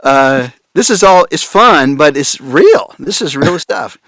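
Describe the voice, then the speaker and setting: A man speaking on a conference panel about voice casting, animated and amused as he reads out odd casting notes. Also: a little high, slow pace, dry recording, clean studio sound. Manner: animated, laughing, reads out examples with amused disbelief. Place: conference room.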